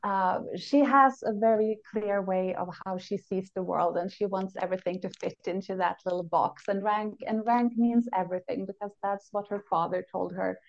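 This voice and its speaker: A woman co-hosting a podcast, talking in a reflective, analytical way with halting pauses. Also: medium pitch, fairly even intonation, gravelly, lo-fi sound. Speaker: podcast co-host. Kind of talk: casual chat.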